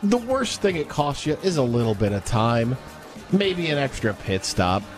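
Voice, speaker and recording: A man's voice: medium pitch, sing-song, normal speed, faint music behind. A man co-hosting a talk show, joking playfully as he chats. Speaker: radio show co-host. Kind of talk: casual chat.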